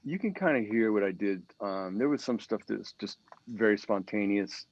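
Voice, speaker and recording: A man's voice: fairly low pitch, lively intonation, normal speed, highs cut off. A middle-aged man, a guitarist guest, chatting casually in an interview and telling stories with many fillers and restarts.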